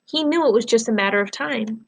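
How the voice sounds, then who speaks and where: A woman reading a novel aloud, voicing a kind, tired female doctor in a soft, calm, reassuring way. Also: a little high, a little fast. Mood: gentle.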